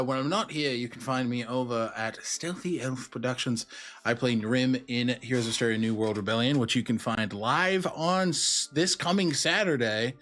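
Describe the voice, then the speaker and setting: A man hosting a tabletop role-playing game and narrating scenes as game master, upbeat and joking. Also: mid-range voice. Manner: upbeat, joking, animated delivery.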